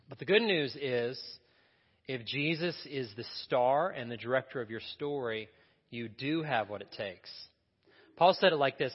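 A man preaching a sermon as a pastor, telling a story and asking the congregation questions in a conversational way. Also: medium pitch. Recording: dull sound with long hall reverb.

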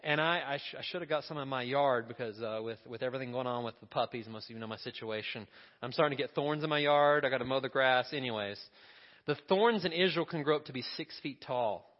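A man's voice: medium pitch, fast talker, big-room sound, lo-fi sound. A male pastor preaching a sermon in a conversational way, asking the congregation questions and adding asides.

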